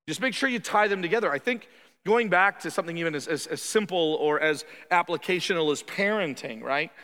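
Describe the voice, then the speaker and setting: A man preaching a conversational sermon as pastor, animated and quick to act out quoted voices. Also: on the high side, in a large hall. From Canada.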